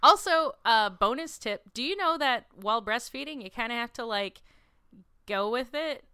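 A woman's voice: on the high side, animated, normal speed, sharp tone, smooth, no echo, clean studio sound. Bubbly, giggly young woman co-host. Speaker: podcast co-host. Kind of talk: casual comedic chat.

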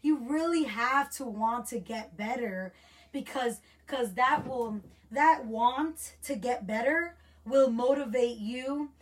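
A woman's voice: a little high, takes it slowly. A young woman from the United States, talking reflectively in a rambling casual chat. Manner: reflective, rambling, restarts often.

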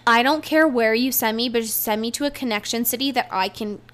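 A woman's voice: fairly high pitch, fairly bright tone. A young woman co-hosting a podcast, telling a travel story in casual chat with blunt swearing and quoted back-and-forth. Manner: swearing, fast recap with quoted dialogue. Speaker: podcast co-host. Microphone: podcast microphone.

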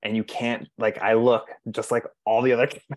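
A man's voice: fairly low pitch, flat delivery, a little fast. A man in his mid-thirties hosting a casual interview, joking about himself. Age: 30s. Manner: self-deprecating, joking. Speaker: podcast host.

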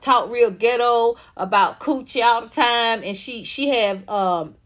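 A woman hosts a casual celebrity gossip show. Her voice sits a little high. She is brash and profane and tells her stories in a loud, animated way. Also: unhurried. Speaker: channel host.

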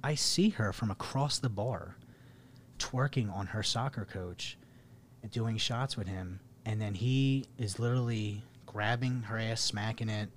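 A young man, co-hosting a podcast and telling dating stories in a casual, profane, animated way. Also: lowish voice, measured pace, a little hiss or hum. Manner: profane, animated, laughing storyteller. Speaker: podcast co-host. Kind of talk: casual storytelling.

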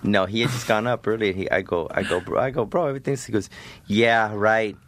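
A man's voice: fairly low pitch, very fast. A man, a comedian guest, telling a story casually and peppering it with "bro" and "like". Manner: laid-back, full of "bro" and "like".

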